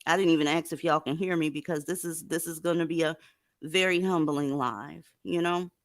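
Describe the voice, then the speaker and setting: A woman's voice: sits low, fairly even intonation, brisk, no echo, studio quality. A woman hosting a live stream, talking casually with blunt, profane sarcasm to her viewers. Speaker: livestream host. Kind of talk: casual livestream commentary.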